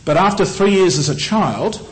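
A middle-aged man with an Australian accent preaching a sermon in a measured, earnest way, often slowing down on key phrases. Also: sits high, lively intonation, poor audio.

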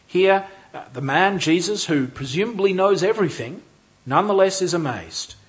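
A man giving a measured, explanatory lecture as a Bible teacher, with occasional restarts. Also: sits high, expressive. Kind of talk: lecture on a Gospel passage.

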